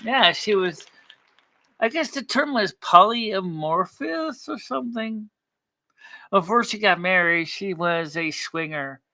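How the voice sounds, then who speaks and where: A woman hosts a casual live chat stream and leisurely spins gossipy stories, laughing often. Her voice is bright and a little tense, and she takes her time over every sentence. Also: mid-range voice, animated, slow, some chatter behind. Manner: chatty, gossipy storytelling with frequent laughter. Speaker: livestream host.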